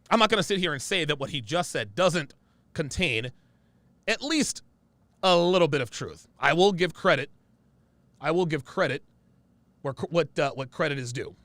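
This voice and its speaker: Emphatic guy doing reaction commentary, gravelly and lively, dry close sound. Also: fairly high pitch, moderate pace, long pauses, dry recording. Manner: emphatic, repeats lines with "right?" and "okay?". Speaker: commentary host.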